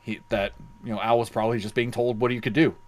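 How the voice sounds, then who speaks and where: A man's voice: mid-range voice, flat delivery, fast, a little mellow. Rambling man in casual panel chat. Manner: rambling, many restarts and fillers. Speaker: podcast co-host.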